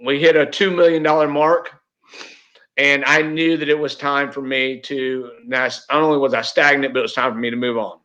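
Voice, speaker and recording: A man's voice: mid-range voice, little pitch movement, normal speed, sharp tone, muffled recording. A middle-aged man telling a heartfelt personal story as an interview guest, earnest, with many restarts. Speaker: real estate agent, interview guest.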